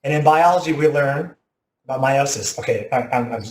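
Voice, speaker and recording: A man in his thirties telling a personal story as a motivational talk, animated, often saying "like", with loud bursts at dramatic moments. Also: medium pitch, brisk. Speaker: teacher giving a motivational talk. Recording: echoey room.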